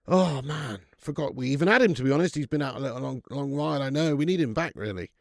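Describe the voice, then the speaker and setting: A man's voice: medium pitch, quick pace, gravelly, a little mellow, no echo, clean studio sound. A man hosting a fan football watch-along stream, chatting casually, rambling and swearing freely while reading out viewer comments.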